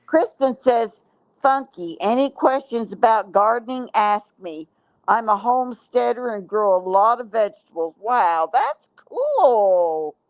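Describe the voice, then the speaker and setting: A woman's voice: on the high side, big pitch swings, no echo, poor audio. A woman co-hosting a casual late-night livestream, reading viewer comments and reacting. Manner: reads chat comments, quick reactions. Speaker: stream co-host.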